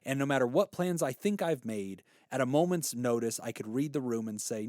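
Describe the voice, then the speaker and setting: A man's voice: medium pitch, brisk, few pauses, no room sound, clean studio sound. A man in his thirties, a podcast co-host, telling a personal story in casual chat and acting out the voices he quotes. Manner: animated storyteller, acts out quoted voices, laughs easily.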